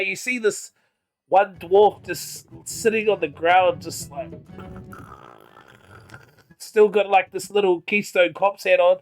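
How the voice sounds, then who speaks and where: A man's voice: high voice, fairly even intonation, takes it slowly, long pauses. A man narrating a tabletop game as game master, playful and laughing often. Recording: dull lo-fi sound with faint music behind.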